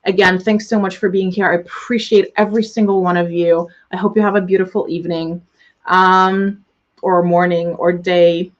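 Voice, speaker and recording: A young woman business coach closing a live webinar, gushing and excitable, swearing freely as she greets viewers. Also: on the low side, moderate pace, dull audio.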